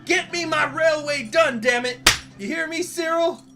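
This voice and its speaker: A man voicing a drunk, bullying president who shouts in a squeaky, slurred voice, with guitar music behind. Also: fairly even intonation, brisk, natural voice. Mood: drunk shouting.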